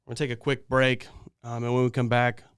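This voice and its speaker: Frustrated man ranting, smooth clear voice. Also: completely flat delivery, quick pace, dry recording, studio quality. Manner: frustrated, ranting, swings between loud outbursts and low muttering. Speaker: fan podcast host. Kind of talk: post-game fan rant on a livestream.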